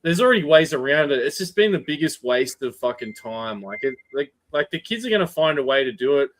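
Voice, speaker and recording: A man's voice: fairly high pitch, a little fast. Swearing Australian man telling a story. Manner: swears freely, animated storytelling. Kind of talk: casual chat, storytelling.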